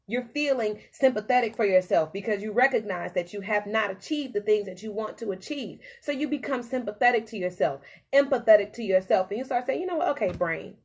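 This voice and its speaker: A woman podcast host giving an animated, preachy motivational self-help talk with repetitive phrasing. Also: medium pitch, brisk, slightly rough.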